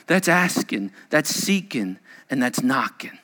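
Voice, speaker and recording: A male pastor preaching a sermon, emphatic and repetitive, swinging between loud and hushed delivery. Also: on the high side, lively intonation, a little slow. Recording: echoey church hall reverb.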